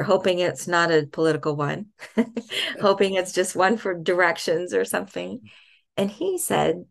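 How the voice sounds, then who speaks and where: A middle-aged woman with a low, slightly gravelly voice shares a personal faith story as a podcast guest. She is soft-spoken and reflective, stopping now and then to find her words. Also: normal speed.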